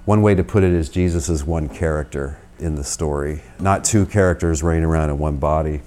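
An American man giving a conversational theology lecture, reasoning through arguments with quick asides. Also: extremely low pitch, a little mellow. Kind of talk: spoken lecture.

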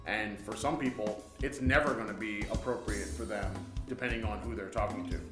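A woman's voice: rumbling low, a little fast. A woman co-hosting a podcast in casual chat, blunt and argumentative, and she lectures. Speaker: podcast co-host. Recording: echoey room with music behind.

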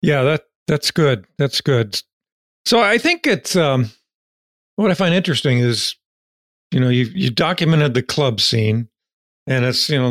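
A man interviewing a photographer, asking slow, halting, thoughtful questions. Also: mid-range voice, fairly bright tone, dry recording, studio quality. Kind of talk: casual interview.

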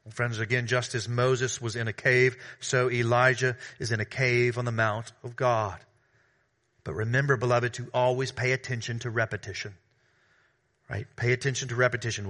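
A man preaching a sermon, reading scripture and then expounding it earnestly, building louder through repeated phrases and dropping soft on asides. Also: medium pitch. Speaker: pastor.

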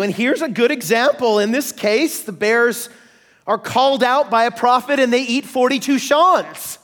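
A man preaching a sermon, telling stories in a lively, joking way and acting out voices. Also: high voice, normal speed. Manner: animated, jokey, acts out voices in stories. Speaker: pastor. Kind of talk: sermon with storytelling. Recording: long hall reverb.

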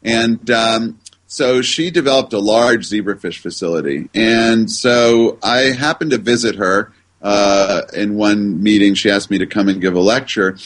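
A man's voice: fairly low pitch, a little slow, poor audio. An older man, a guest researcher, telling a funny anecdote in a podcast interview with many fillers and restarts.

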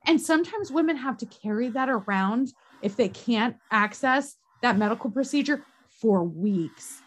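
A woman in a candid podcast conversation, talking earnestly and emotionally, halting with restarts and frequent fillers. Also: a little high, animated.

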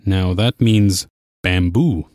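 A man teaching a language lesson, explaining clearly and patiently. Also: low voice, takes it slowly, a little mellow, no echo, studio quality. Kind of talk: scripted lesson narration.

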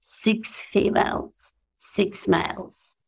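An Australian woman as an interview guest, telling spiritual stories in a slow, musing way and acting out the voices she quotes. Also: medium pitch, fairly even intonation, vocal fry, breathy edge.

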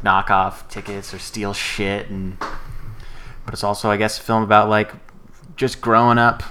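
A man's voice: lowish voice, pushed and bright, a little hiss or hum. A young man in casual movie chat, self-deprecating and rambling with many fillers. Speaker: podcast co-host.

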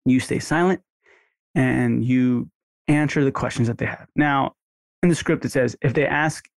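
A man teaching a coaching lesson, talking energetically and acting out sample phone calls in bright put-on voices. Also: medium pitch, moderate pace, creaky, dry recording, studio quality. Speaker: marketing instructor. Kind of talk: coaching lesson with screen walkthrough.

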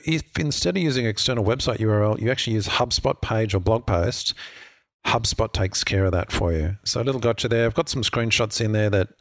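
Male podcast co-host, low-pitched, dry close mic, chatty explainer. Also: no room sound. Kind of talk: casual marketing podcast chat.

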